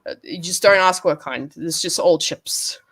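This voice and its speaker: A woman's voice: fairly low pitch, normal speed, fairly bright tone, husky. An Australian woman co-hosting a casual stream chat, laughing often, swearing and acting out quotes. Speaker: stream co-host.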